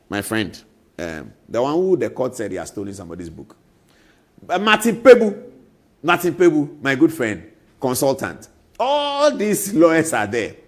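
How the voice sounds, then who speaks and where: Husky Ghanaian man, lively storyteller. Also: mid-range voice. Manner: emphatic, repeats names for effect. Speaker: TV talk-show host. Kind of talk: animated storytelling commentary.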